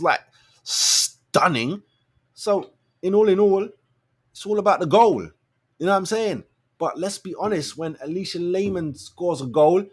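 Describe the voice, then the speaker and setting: A man hosting a show, ranting his opinions in blunt, slangy, animated talk. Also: breathy edge. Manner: animated, slangy and blunt, swings between low mutters and loud outbursts. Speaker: show host. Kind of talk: casual opinion rant.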